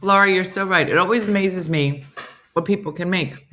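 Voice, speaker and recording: A woman's voice: fairly low pitch, moderate pace. A middle-aged woman hosting a casual morning show, chatting with viewers and telling stories full of quoted dialogue. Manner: chatty storyteller, quoting others in lively voices. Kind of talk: casual chat reading viewer comments.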